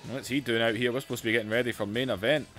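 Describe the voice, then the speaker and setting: A man giving casual, excitable commentary over a wrestling video game. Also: medium pitch, rapid-fire, faint music behind. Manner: excitable, amazed reactions. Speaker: gaming YouTuber.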